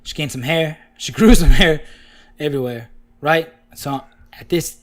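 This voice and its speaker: A young podcast co-host tells a story loudly and rowdily, his voice on the high side and unhurried. In this casual storytelling chat he's animated, acting out quotes and laughing often.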